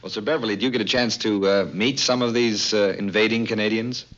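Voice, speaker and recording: A man interviewing guests for a documentary with brisk, polite questions. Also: on the low side, fairly even intonation, fairly bright tone. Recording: dull lo-fi 1950s film sound.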